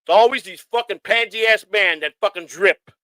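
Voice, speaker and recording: A man's voice: high-pitched, normal speed, no room sound, poor audio. A middle-aged man, hosting his own livestream and ranting at critics with heavy profanity. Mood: angry. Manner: profane, combative, shouting at critics. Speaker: livestream host. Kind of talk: angry livestream rant.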